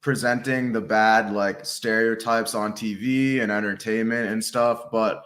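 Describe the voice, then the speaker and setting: A man hosting a casual chat, talking in a calm, encouraging and agreeable way. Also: fairly low pitch, unhurried. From South Asian. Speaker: host.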